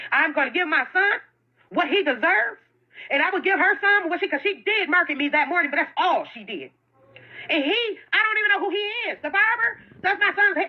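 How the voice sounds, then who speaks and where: A woman who owns a food truck, speaking an impassioned and defensive statement in which she often repeats herself. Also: high voice. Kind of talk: emotional self-made video statement. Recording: dull lo-fi phone audio.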